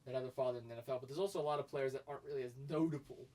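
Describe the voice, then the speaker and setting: A man co-hosting a casual sports podcast, talking in an excitable, animated way. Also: medium pitch, rapid-fire, far from the mic. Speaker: co-host.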